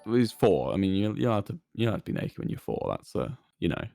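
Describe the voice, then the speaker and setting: Deadpan man reading confessions on stream. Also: fairly low pitch, quick pace, gravelly, dry recording. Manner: blunt, deadpan judging. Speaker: guest co-streamer. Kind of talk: casual livestream chat, reading confessions aloud.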